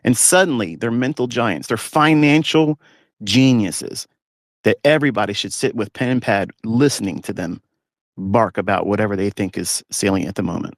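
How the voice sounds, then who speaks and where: Speaking at normal speed in a lowish voice, a trading mentor goes on a blunt rant during a live audio talk inside his parked pickup. The recording is clean and echo-free. He mocks rivals by putting on whiny voices.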